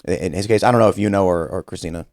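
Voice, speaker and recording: A man hosting a podcast studio interview, asking questions rapidly with frequent restarts. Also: sits low, darkish tone, no room sound. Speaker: podcast host.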